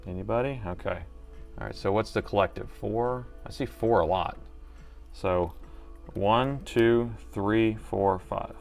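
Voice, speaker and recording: A man's voice: on the low side, a little slow, gravelly, a little mellow, soft background music. A middle-aged man hosting a live repair stream, chatting and thinking aloud as he works and joking with his viewers. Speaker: host and laptop repair technician.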